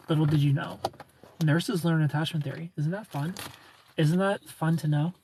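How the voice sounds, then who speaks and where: A man's voice: a little high, steady tone, brisk, a little mellow, slight background noise. A man hosting a live stream, chatting casually and joking while he reads and answers viewer comments.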